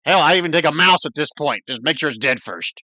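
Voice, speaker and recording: A man's voice: on the high side, animated, fast talker, sharp tone, no echo. A man voicing a foul-mouthed, hungry male spider who complains on and on. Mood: grumbling. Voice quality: complaining, cussing.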